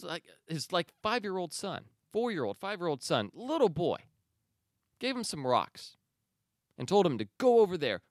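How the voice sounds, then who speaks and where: Male podcast host, opinionated news commentary, smooth clear voice, dry close sound. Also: fairly high pitch, no room sound. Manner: opinionated, sarcastic, with many fillers and restarts.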